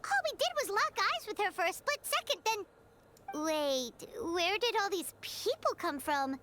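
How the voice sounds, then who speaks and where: A woman voicing a tiny, bubbly and excitable female fairy companion in a game. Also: normal speed, background noise. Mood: alarmed. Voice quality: high and squeaky. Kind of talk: game voice acting.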